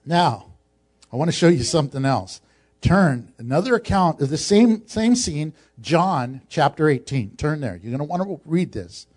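Man, pastor, sermon, humorous, conversational, high voice. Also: sing-song, moderate pace, a little mellow. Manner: humorous, conversational, acts out scenes.

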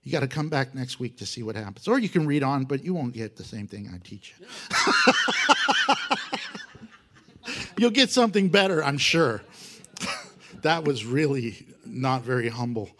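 A man teaching a Bible lesson in a casual, animated way, often laughing and acting out quoted apologies. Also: medium pitch, measured pace, long pauses.

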